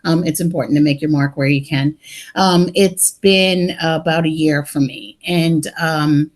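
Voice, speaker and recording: A talkative middle-aged woman with a somewhat low voice, speaking frankly on a video call. She mixes blunt advice with jokes about herself, in an open, conversational way. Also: fairly even intonation, measured pace. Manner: candid, talkative, joking. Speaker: laid-off operations worker sharing in a support group. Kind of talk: casual group video call.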